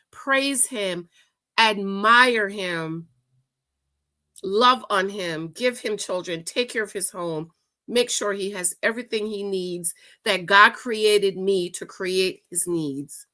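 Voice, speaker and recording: Woman host, reaction commentary; emphatic, animated storyteller with a bright, crisp voice. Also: medium pitch. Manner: emphatic, animated, laughs often, says "okay?" a lot. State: married.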